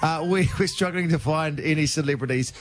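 A man's voice: fairly high pitch, brisk, slight background noise. A man, co-hosting a radio show, telling a story and laughing at himself. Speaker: radio co-host. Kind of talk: radio banter.

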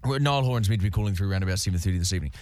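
A man's voice: deep voice, very fast, a little mellow, no room sound. A man hosting a radio show in casual, jokey banter full of puns. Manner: jokey, punning. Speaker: radio host.

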